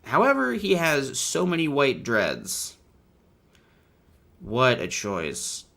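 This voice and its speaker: A young man hosts a comedic commentary, talking wryly and riffing off the cuff. His pitch sits in an ordinary middle range but moves a lot, leaping up with excitement and dropping into low mutters. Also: slow pace, creaky. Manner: wry, riffing, swings from mutters to excited outbursts. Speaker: video host. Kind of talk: comedic commentary on book illustrations.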